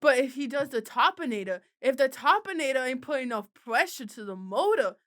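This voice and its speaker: A woman's voice: sits high, big pitch swings, fairly bright tone. A woman co-hosting a podcast in casual chat, giggling often and tossing in teasing remarks. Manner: giggly, quick teasing interjections. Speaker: podcast co-host.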